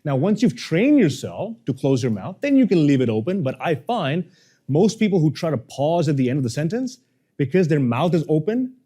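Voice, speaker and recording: A man, a public speaking coach, teaching a workshop to a live audience, energetic and playful, often quizzing the room. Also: a little high, normal speed, breathy edge.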